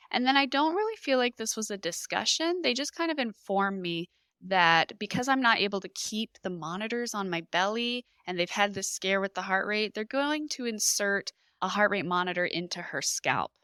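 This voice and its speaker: Woman, young adult, podcast guest; crisp, bright tone; emotional, lively storyteller, dry close sound. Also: mid-range voice, moderate pace, no echo. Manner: animated, emotional retelling with lively reenacted quotes. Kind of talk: personal storytelling in a podcast interview.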